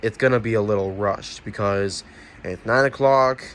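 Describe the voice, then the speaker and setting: A young man hosting a homemade challenge show, explaining things in a rushed, chatty way. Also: fairly low pitch, a bit bright, a little hiss or hum. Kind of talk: casual comic hosting.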